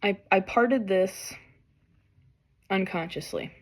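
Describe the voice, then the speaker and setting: Tearful woman reading tarot cards. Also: mid-range voice. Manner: tearful, overwhelmed, halting and apologetic. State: crying at times. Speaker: tarot reader. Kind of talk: emotional tarot reading vlog.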